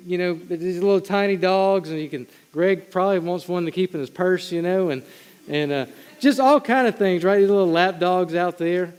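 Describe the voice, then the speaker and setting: A pastor preaches to his congregation in a church sanctuary, keeping it conversational and making asides to the people in front of him. His voice sits high with a clean tone, and the recording carries a long hall reverb.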